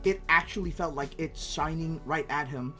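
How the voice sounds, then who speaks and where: A woman's voice: low voice, normal speed, over loud music. A woman reading fan fiction aloud in a casual way, breaking off now and then to laugh and comment on her script. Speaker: reader.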